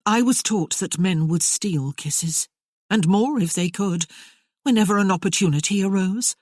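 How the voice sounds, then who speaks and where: A woman's voice: medium pitch, normal speed, darkish tone, no echo, studio quality, pitched above the performer's own voice, natural voice. A woman voicing a poised, flippant young widow who speaks in a light, airy, dismissive way. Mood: earnest.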